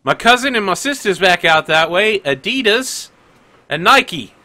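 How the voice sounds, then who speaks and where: A man putting on a cheery high-voiced traveler. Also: lively intonation, measured pace, bright, forceful tone, heavily acted. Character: friendly young male toga-clad traveler.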